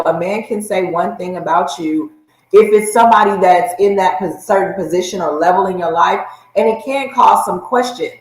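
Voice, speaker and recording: A woman's voice: medium pitch, moderate pace. Woman co-host, thoughtful casual recap talk, echoey room.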